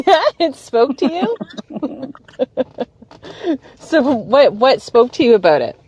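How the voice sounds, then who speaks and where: A woman's voice: sits high, big pitch swings, slow, a little mellow, slightly rough. A woman hosting a conversational interview, enthusiastic and affirming toward her guest. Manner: enthusiastic, affirming, laughs easily. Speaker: host.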